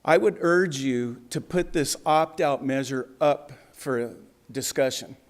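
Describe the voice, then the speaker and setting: A man's voice: mid-range voice, slow pace. A man giving an angry, combative public comment at a city council meeting, speaking at a podium microphone.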